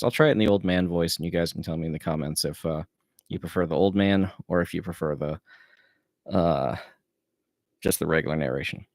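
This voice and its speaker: A man with a very deep voice talks casually on a live stream from home. He speaks quickly and drops into mumbled asides. The recording is dry and close. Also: darkish tone, dry recording. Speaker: author reading his own novel.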